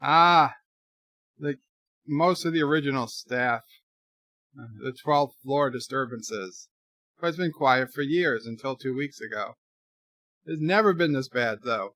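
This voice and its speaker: A man's voice: mid-range voice, a little slow, long pauses, sharp tone, no room sound. A man hosting a live movie rewatch, chatting and reading viewer comments aloud as he reacts.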